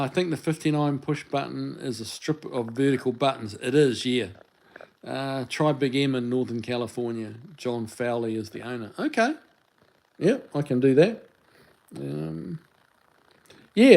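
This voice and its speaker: A man with a New Zealand accent chats casually on a livestream, answering viewer questions. His delivery rambles and restarts, full of fillers. His voice sits at an ordinary, middle pitch. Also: gravelly, a little mellow. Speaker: livestream host answering chat.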